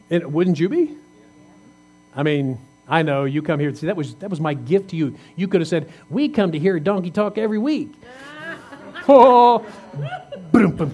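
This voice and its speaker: A man's voice: high-pitched, darkish tone, slightly rough. Man preaching a conversational sermon. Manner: conversational preaching with questions to the congregation. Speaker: pastor.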